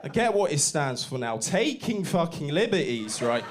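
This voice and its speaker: A man's voice: fairly high pitch, big pitch swings, moderate pace, a little hiss or hum. A young man from Bristol doing a brash, sweary stand-up set in a comedy club, baiting the crowd on a handheld mic. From Bristol, England. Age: young adult.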